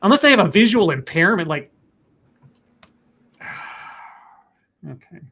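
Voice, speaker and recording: A man hosts a casual talk and rants with open exasperation. His voice sits noticeably high for a man. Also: very animated, takes it slowly, pushed and bright, slightly rough. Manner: exasperated, ranting. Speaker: podcast host. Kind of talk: casual discussion.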